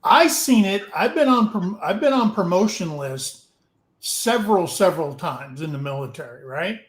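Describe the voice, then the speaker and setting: A middle-aged man, a retired Army sergeant, co-hosting a casual livestream chat and telling stories with lively acted-out dialogue. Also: high-pitched, moderate pace, roomy sound. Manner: storytelling, animated, acts out dialogue.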